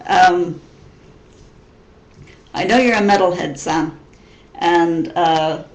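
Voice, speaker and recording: A thirty-something vlogger from Missouri speaks slowly in a lowish voice, her American accent tinged with English. Her casual Q&A is chatty and rambling, full of restarts, and the audio has a roomy echo.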